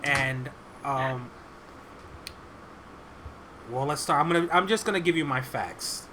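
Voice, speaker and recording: Excited man with a bright, forceful voice. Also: medium pitch, slow, a little hiss or hum. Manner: eager, reads facts off notes. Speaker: podcast host. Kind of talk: casual gaming chat.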